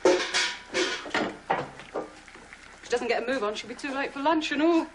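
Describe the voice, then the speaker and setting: An actress playing a bossy, sharp-tongued cook, scolding and blunt. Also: female voice, sits high, unhurried, over loud music. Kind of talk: period film acting. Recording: noisy old film soundtrack.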